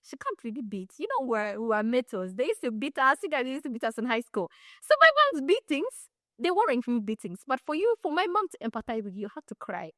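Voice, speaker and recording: A young Ugandan woman co-hosting a podcast, telling a story in a casual, animated way and acting out the other people in it. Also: high voice, fast, no echo, studio quality. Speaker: podcast co-host.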